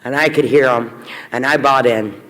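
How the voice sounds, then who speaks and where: A woman's voice: a bass voice, normal speed, fairly bright tone. A woman from Kentucky telling her recovery story to a meeting, candid and wry, with sudden bursts of energy. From Kentucky, USA. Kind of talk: personal recovery story told to an audience. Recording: long hall reverb.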